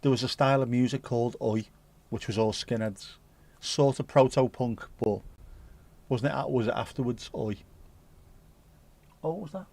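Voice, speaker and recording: A casual livestream host talks at a moderate pace in a steady, medium-pitched, slightly mellow voice. He reads out viewer messages and rambles along with jokes, swearing and British slang.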